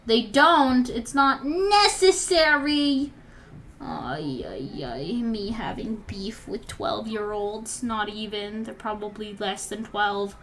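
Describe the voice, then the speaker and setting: Young woman vlogger, slightly high voice, reads her own old story aloud with dry, chatty side comments over faint background noise. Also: slow pace, hardly any pauses, fairly bright tone. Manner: wry, chatty asides. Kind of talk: reading aloud with casual commentary.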